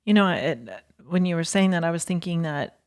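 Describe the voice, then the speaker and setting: A woman's voice: on the low side, a little fast, darkish tone, clear, resonant tone. A woman co-hosting a podcast, reflecting in casual talk and quoting what people tend to say. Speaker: podcast co-host.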